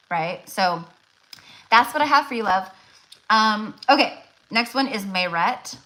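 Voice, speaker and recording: A tarot reader with a medium-pitched, animated voice that sounds pushed and bright speaks a little slowly with long pauses, over poor audio. Her live readings are casual and chatty, riddled with fillers and restarts, with frequent laughter.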